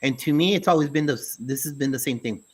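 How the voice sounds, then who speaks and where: A man's voice: medium pitch, quick pace, husky. A man co-hosting an education talk show, speaking emphatically and dropping folksy sayings. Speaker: podcast co-host, school administrator. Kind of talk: casual conversational talk.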